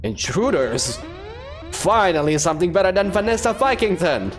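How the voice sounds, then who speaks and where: A man reading the lines of a brash, loud male space Viking captain from a game, in an excitable way. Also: high voice, normal speed, soft background music, pitched above the performer's own voice. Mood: boisterous. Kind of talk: reading game dialogue aloud.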